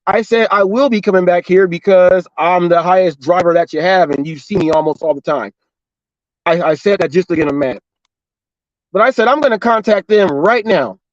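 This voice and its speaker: This middle-aged Southern California man, from LA and Orange County, has a high voice at normal speed. A delivery driver and show host, he narrates a story in a casual monologue, acting out the dialogue with lots of animated repetition; the audio is dull with no room sound.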